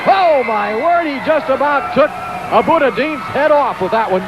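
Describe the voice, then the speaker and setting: Man, wrestling announcer, excitable play-by-play, high voice, hissy 1980s broadcast recording. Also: moderate pace, lo-fi sound, over a noisy crowd. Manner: excitable, exclaiming, hype-driven.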